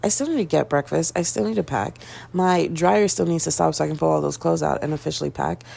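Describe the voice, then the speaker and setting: A woman's voice: fast talker, vocal fry, husky. A woman vlogger telling a casual story, acting out the quoted dialogue and playing up her own panic in a dramatic, self-mocking way. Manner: animated storytelling, acting out quoted dialogue with big pitch jumps.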